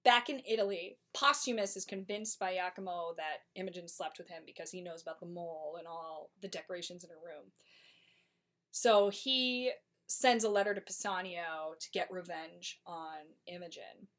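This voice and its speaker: A woman's voice: fairly low pitch, fairly bright tone. A woman co-hosting a podcast, giving a chatty, slangy comic plot summary. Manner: chatty, slangy, quick asides. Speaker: podcast co-host.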